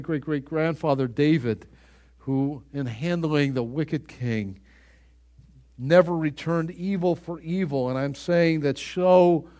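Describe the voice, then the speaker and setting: A man preaching a sermon, reading scripture aloud with earnest emphasis and pausing to find passages. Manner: earnest, rises in pitch and volume on emphatic scripture lines.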